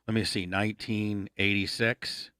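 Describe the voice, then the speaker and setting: A man's voice: fairly low pitch, flat delivery, a little slow, bright, forceful tone, clean tone, no echo, clean studio sound. A middle-aged man hosting a radio talk show, blunt and profane in crude banter.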